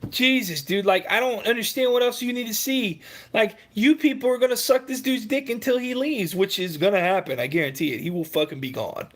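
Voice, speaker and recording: A man tears into his critics in a heated, profane sports rant. His voice sits high for a man. He snaps back at his commenters and refuses to give ground. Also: a little fast, a bit bright.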